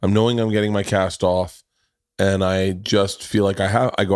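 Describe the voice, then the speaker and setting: A man with a low voice hosts a podcast in casual chat. He tells self-deprecating stories, often restarting his sentences and swearing freely. The sound is dry and close. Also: level tone, normal speed, a little mellow, no echo. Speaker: podcast host.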